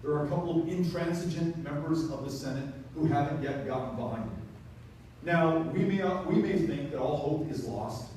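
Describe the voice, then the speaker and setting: A man's voice: a little high, moderate pace, mellow, a little hiss or hum. A man from Texas giving an impassioned speech at a town hall, building to emphatic, rising passages. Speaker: political speaker at a town hall. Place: town hall event, roomy space. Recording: echoey room, mic from a distance.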